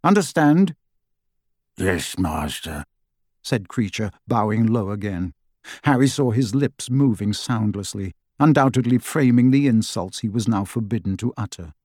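A man reading an audiobook narration in a measured, even storytelling voice. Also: lowish voice, dry recording, clean studio sound. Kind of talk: scripted narration.

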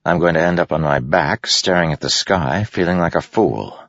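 A guarded young soldier speaks in short, matter-of-fact lines, played by a man. The voice is very deep with a gravelly edge and lively inflection. The recording is dry and dull. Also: normal speed, no echo.

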